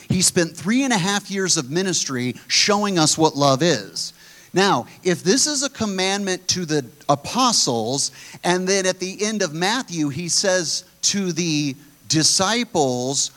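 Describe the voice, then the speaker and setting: A man preaching a sermon, blunt and animated, often putting questions to his listeners. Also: a little high, moderate pace.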